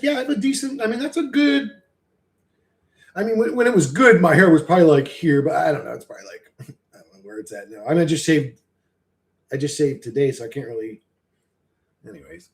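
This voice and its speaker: Rambling, cursing man chatting on stream. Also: on the high side. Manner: rambling, profane, chuckling often. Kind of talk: casual rambling live-stream chat.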